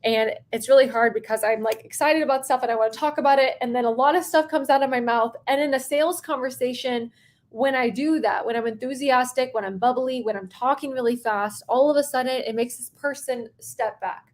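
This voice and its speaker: A young woman coaching on sales during a live stream, talking fast and chatty with lots of fillers. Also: high voice.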